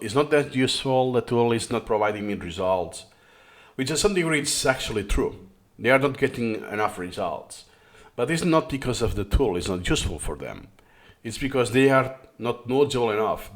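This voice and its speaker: A man's voice: medium pitch, expressive, moderate pace. A man who speaks English as a third language, explaining a study method in a reaction-style lesson with frequent restarts. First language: not English. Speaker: course host.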